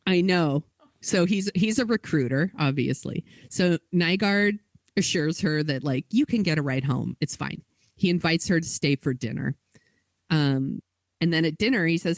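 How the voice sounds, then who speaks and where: A woman's voice: low voice, normal speed, no echo. Woman telling a story casually. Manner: retells events with lots of "like" and quoted dialogue. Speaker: podcast co-host.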